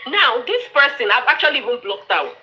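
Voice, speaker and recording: A woman's voice: high-pitched, big pitch swings, brisk, bright, forceful tone, lo-fi sound, faint music behind. A Nigerian woman in her forties hosting a live stream, defiant and dismissive as she rants and talks over others. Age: 40s. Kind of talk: heated live stream rant.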